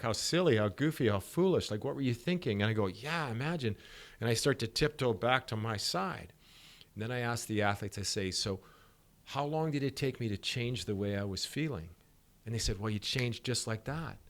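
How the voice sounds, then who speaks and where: A middle-aged man with a somewhat low voice speaks as a sport psychologist guest on a podcast. He explains ideas through animated stories, acting out the dialogue as he goes. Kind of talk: podcast interview.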